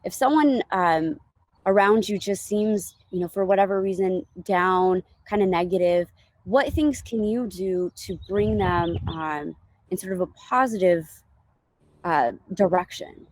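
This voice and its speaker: A woman's voice: mid-range voice, a little slow, a little mellow, slight background noise. A woman hosting an online event and putting questions to the guest. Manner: friendly, asks questions. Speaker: event host.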